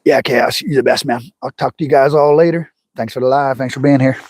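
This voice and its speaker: Folksy man fishing live, husky voice. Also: medium pitch, steady tone, fairly quick, a little mellow, no echo. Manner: rambling and folksy, restarts words, speaks directly to viewers. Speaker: fishing livestream host. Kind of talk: casual live chat while fishing. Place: lake outdoors.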